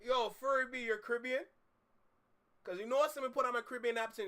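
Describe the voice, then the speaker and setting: A man's voice: extremely high pitch, fairly even intonation, fast talker, bright, forceful tone. A man hosting a reaction video, ranting heatedly and swearing as he reacts. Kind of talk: casual reaction commentary.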